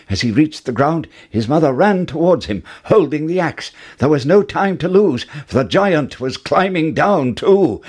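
Slow, expressive male storyteller. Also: fairly high pitch, husky. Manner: expressive, dramatic reading. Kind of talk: storybook narration.

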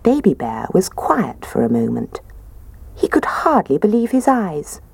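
Low-voiced woman reading a storybook. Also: measured pace, gravelly, breathy edge, dry recording. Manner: gentle and expressive. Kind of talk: storybook read-aloud.

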